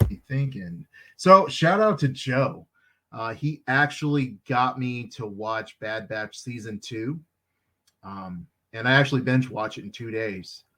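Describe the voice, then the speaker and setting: A man hosting a podcast, talking in a relaxed, measured way. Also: medium pitch. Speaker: podcast host. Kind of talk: casual chat.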